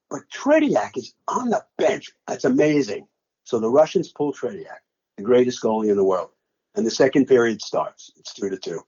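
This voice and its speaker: Older man, sportscaster, dramatic storytelling, husky, dull lo-fi sound. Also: fairly high pitch, dark tone. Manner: dramatic, re-enacts his own play-by-play calls. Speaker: sportscaster recalling a game he called. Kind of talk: animated storytelling interview.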